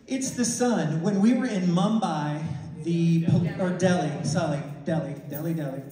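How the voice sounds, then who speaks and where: A man preaches a testimony sermon, his somewhat high, mellow voice acting out conversations and often restarting his sentences. He sounds distant from the microphone, and a long, echoing hall reverb trails every phrase. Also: normal speed. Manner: storytelling, acts out dialogue, frequent restarts and self-corrections. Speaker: minister reporting on a mission trip. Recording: echoey hall, mic far off.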